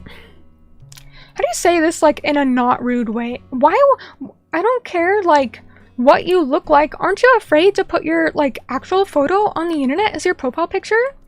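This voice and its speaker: Young woman streamer just chatting, high pitched, kinda rambly and apologetic, faint music behind. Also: lively intonation, moderate pace, dry recording. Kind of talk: casual chat with viewers. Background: faint background music.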